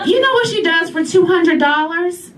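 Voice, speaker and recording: A woman's voice: very high-pitched, lively intonation, moderate pace, distant mic, noisy background. A brash woman in her forties doing a stand-up comedy set, calling the audience y'all. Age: 40s. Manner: brash, sassy, addresses crowd as y'all. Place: comedy club stage. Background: loud audience laughter.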